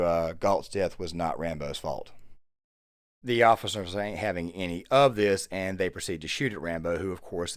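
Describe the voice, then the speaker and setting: A man's voice: sits low, no room sound, studio quality. A man giving a casual voiceover commentary that walks through a film's plot step by step, with the odd filler. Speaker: YouTube film commentator.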